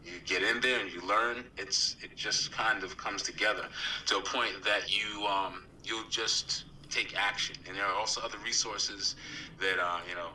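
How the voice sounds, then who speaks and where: A man's voice: fairly low pitch, steady tone, normal speed, bright, forceful tone. A man co-hosting a casual trading chat, eager and rambling, full of "you know". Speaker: co-host. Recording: roomy echo, far from mic, faint noise.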